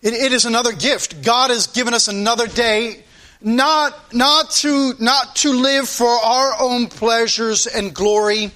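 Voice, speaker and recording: A man's voice: very high voice, measured pace, pushed and bright. A man preaching a sermon to his congregation, fervent and repetitive, stretching out key phrases for emphasis. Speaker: pastor.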